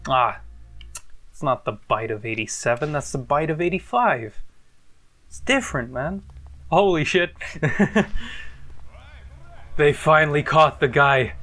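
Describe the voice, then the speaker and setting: A young man commentating on a video game he is playing, excitable and foul-mouthed, with loud outbursts and frequent laughs. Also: on the high side, a little slow, pauses often. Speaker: gameplay commentator. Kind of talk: let's play commentary.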